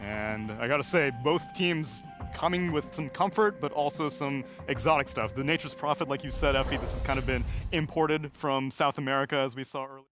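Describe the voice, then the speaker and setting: A male host runs an esports studio desk, upbeat and pushing his panel for quick predictions. Faint music plays behind his voice. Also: mid-range voice. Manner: upbeat, prompting.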